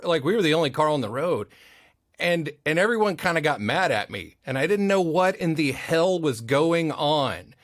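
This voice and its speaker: Male podcast guest; lively, swooping delivery; dry close mic; acts out voices in anecdotes. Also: a little high, normal speed, no room sound. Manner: animated, acts out quoted voices. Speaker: podcast guest, audio engineer. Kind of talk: casual interview storytelling.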